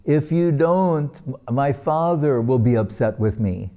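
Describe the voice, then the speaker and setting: Little devoted boy, tearful and pleading, slow and soft, a man doing the voice. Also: medium pitch, lively intonation. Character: pleading five-year-old devotee boy.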